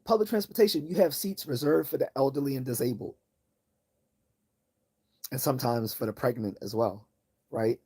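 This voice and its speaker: A man hosting a livestream, talking in a calm, low-key voice in a rambling, casual monologue full of restarts and tangents. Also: normal speed, pauses often, husky. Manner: tangent-prone, many restarts and repeated words. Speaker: livestream host.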